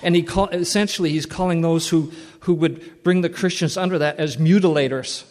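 A man's voice: a little high, steady tone, a little fast, a little mellow. A man teaching a Bible study in an earnest, plain-spoken way, repeating words for emphasis, in a church hall. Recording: long reverb of a large hall.

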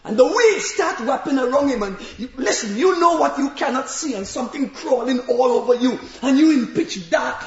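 Fiery high-voiced preacher in an echoey room. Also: male voice, normal speed, few pauses, lo-fi sound. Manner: animated storytelling, acting out voices and shouting for emphasis. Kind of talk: sermon.

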